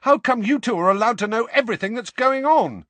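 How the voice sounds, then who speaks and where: A man's voice: on the low side, expressive, moderate pace, no room sound. A man reading the part of a bitter, defiant teenage boy in an audiobook, in clipped, rising lines. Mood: angry.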